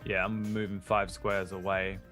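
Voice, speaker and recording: A man's voice: low voice, flat delivery, normal speed, pushed and bright, faint music behind. A man playing a tabletop role-playing game, casually describing his character's actions and laughing. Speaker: player. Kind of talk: tabletop role-play chat.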